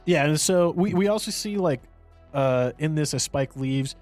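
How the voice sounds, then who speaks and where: A man's voice: on the high side, moderate pace, a little mellow, soft background music. A man co-hosting a podcast, reviewing a movie in casual, rambling chat full of fillers and restarts. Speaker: podcast co-host.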